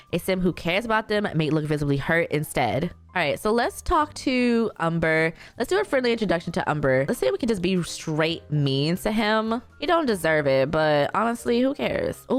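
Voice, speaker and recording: Young woman gaming host, casual chatty commentary, lively expressive delivery, light background music. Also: mid-range voice. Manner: chatty and animated, reacting out loud to gameplay.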